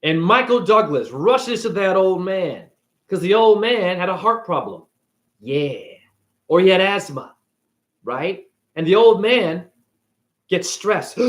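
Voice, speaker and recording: A man ranting casually on camera, retelling a movie with profanity and acting out its characters in quick bursts. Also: high-pitched. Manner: profane, animated, acts out characters. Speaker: spiritual video creator.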